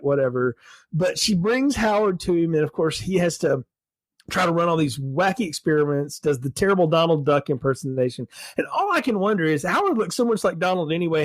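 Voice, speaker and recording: Man, thirties, slightly high husky voice, dry close mic, animated podcast co-host. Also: dry recording. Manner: animated storyteller, laughs often. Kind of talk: casual chat.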